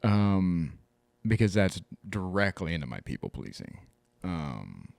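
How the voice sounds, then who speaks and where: Male podcast co-host: lower voice, lively storyteller who acts out other people's lines, salty language, dry close-miked sound. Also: measured pace, vocal fry, no room sound. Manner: animated storytelling, mimics others, swears. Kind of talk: casual chat.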